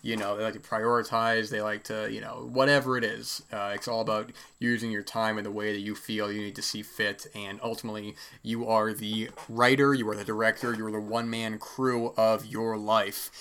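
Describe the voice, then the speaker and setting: A man's voice: on the low side, flat delivery, normal speed, hardly any pauses, sharp tone, clear, resonant tone. A man hosting a solo podcast, talking casually and rambling with many fillers, his throat a little dry. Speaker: podcast host.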